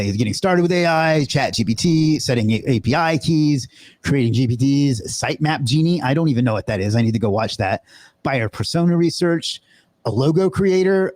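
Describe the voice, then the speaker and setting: A man hosts a live online session in a loose, offhand way. He talks casually with plenty of fillers and the odd swear word. His voice is mid-pitched and sounds dry and close, with no room echo. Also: a little mellow. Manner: loose and profane, with many fillers. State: out of breath. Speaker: host of a live webinar.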